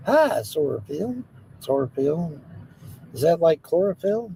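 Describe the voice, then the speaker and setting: A man hosting a livestream talks unhurriedly to his viewers. His voice sits a little high and mellow, and it swings widely up and down. He jokes playfully and keeps slipping into snippets of song. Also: big pitch swings, slow pace, vocal fry, slight background noise, rough recording. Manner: joking, playful, drifts into sung snippets. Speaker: livestream host and singer. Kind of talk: casual chat with live viewers.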